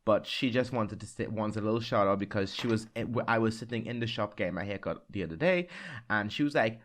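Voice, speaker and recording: A man's voice: fairly low pitch, expressive, fairly quick. A man co-hosting a casual podcast from home, sassy and dramatic, swearing freely and joking with his co-host. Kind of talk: casual chat. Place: home room with an open window.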